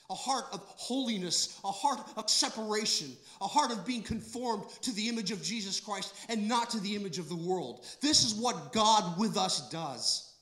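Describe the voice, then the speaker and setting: A man preaching a sermon, emphatic and repetitive, swinging between soft, slow passages and loud outbursts. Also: high-pitched. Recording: echoey room.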